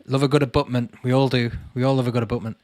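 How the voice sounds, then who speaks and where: A man's voice: mid-range voice, steady tone, rapid-fire, a little mellow, no room sound. Chatty man on a livestream. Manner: chatty, calls viewers mate, reads comments aloud. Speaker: channel host answering live chat. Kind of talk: casual livestream chat.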